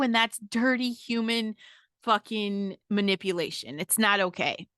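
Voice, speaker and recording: A woman's voice: on the high side, a little slow, a bit bright, dry recording, clean studio sound. Podcast host, woman, 30s, blunt and profane, vivid ringing tone. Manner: emphatic, profane, keeps asking "okay?". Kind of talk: casual monologue.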